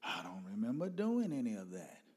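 A man's voice: on the low side, wildly swooping pitch, moderate pace, slightly rough, voice pushed down, heavily acted. A man playing his stoic older father, who speaks with a polite, lilting Southern US accent. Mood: calmly denying. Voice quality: soft-spoken, lilting.

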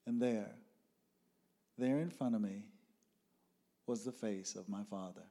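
A man telling a personal story dramatically, moving from loud outbursts to hushed whispers. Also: lowish voice, a little slow, vocal fry.

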